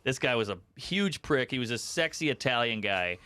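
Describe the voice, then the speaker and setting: A man's voice: mid-range voice, animated, moderate pace, sharp tone, smooth. A man, a comedian guest on a podcast, telling stories in casual chat. He acts out quotes and swears freely.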